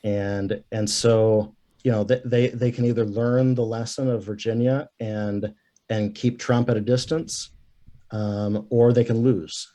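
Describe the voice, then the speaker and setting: Low, mellow-voiced man rambling. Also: flat delivery, unhurried. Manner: rambling, self-correcting, emphatic. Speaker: podcast guest. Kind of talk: casual political chat.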